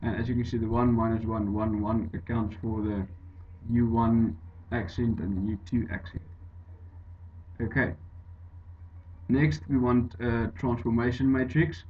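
A man explaining an engineering derivation over slides in a halting way, with many fillers and restarts. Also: mid-range voice, fairly even intonation. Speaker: engineering tutor. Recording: dull lo-fi voice-over with faint hiss.

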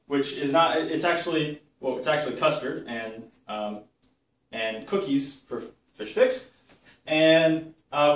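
A man hosting a casual home vlog, enthusiastic and excitable, talking in his dining room during a party. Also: a little high. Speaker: video host. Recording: roomy sound from a distance.

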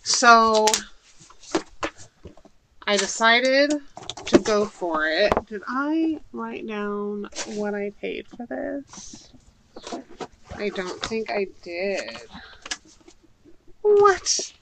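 A woman's voice: medium pitch, lively intonation, very slow, long pauses. A middle-aged woman chatting casually to viewers while unboxing a haul, with giggles along the way. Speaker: haul vlogger. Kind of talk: casual haul video chat. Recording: audible background noise.

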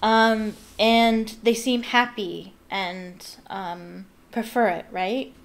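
A woman reads aloud from a book and chats casually about it as an enthusiastic fan, rambling and using plenty of fillers. Her mid-range voice holds a steady tone, with drawn-out words and vocal fry.

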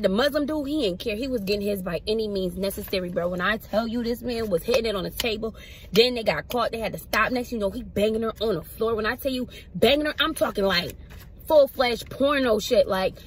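A young woman vlogger telling a casual storytime, animated and slangy, swinging her pitch up for emphasis. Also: husky, low-quality recording.

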